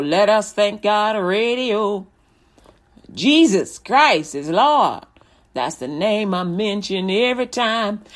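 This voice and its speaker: Lively, laughing woman radio preacher. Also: mid-range voice. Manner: laughs often, storytelling with acted-out quotes. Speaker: Christian radio show host. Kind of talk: casual comedic preaching.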